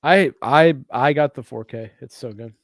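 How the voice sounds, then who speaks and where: A man's voice: mid-range voice, moderate pace, no echo, studio quality. A man co-hosting a casual chat, crude and joking, often slipping into silly voices. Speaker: podcast co-host.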